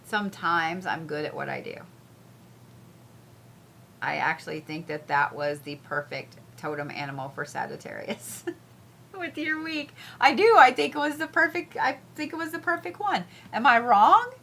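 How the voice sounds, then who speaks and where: A woman's voice: medium pitch, sing-song, moderate pace, creaky, pushed and bright, a little hiss or hum. A woman hosting casual zodiac and crystal reads, blunt and profane, repeating herself as she talks. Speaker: spiritual reader, host.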